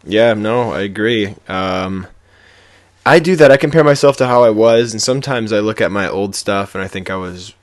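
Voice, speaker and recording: A man co-hosting a podcast about woodcarving, talking in a low-key, self-deprecating way that trails off at the ends of thoughts. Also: normal speed. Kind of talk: casual chat.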